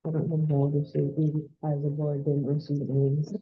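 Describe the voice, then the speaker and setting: A woman's voice: low-pitched, completely flat delivery, fairly quick, husky. A woman on a board, speaking hesitantly and apologetically during meeting discussion. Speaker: board member. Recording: tinny phone-like sound.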